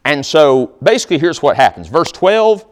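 A male pastor delivers a sermon in a loose, conversational way. His pitch rises and falls a lot as he jokes with the congregation. He slips into reading scripture aloud between his remarks. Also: very animated, normal speed.

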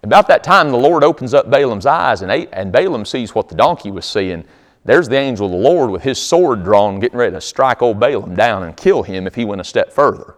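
A man preaching a sermon, retelling a story in a folksy, conversational way. His voice is mid-pitched and swings widely, and a long hall reverb hangs behind every phrase. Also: fairly quick. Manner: folksy, animated, with chuckles.

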